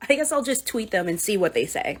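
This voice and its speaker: A woman's voice: medium pitch, big pitch swings, a little fast. A woman talking sarcastically and in a mock-sweet way in a casual social media video.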